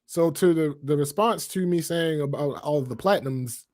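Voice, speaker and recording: Podcast co-host, male, higher-pitched voice, blunt and profane delivery, laughs often. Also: normal speed, darkish tone. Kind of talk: casual chat.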